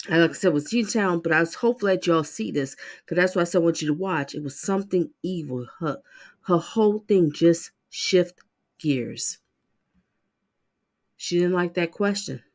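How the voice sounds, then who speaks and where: A woman's voice: on the low side, a little mellow. Heated woman commenting on trial footage. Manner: blunt and heated, mimics voices mockingly. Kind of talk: casual reaction commentary.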